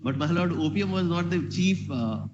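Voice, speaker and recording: A man's voice: fairly high pitch, expressive. A man, an advocate making formal, deferential submissions to a judge in a courtroom. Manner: deferential, measured, says "my lord" constantly. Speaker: advocate arguing before a judge. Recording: muffled noisy courtroom audio.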